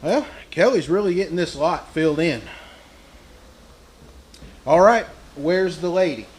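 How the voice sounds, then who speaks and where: A man playing a mild, patient father in a live old-time radio drama, soothing and gently dismissive. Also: on the high side, animated, unhurried. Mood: easygoing.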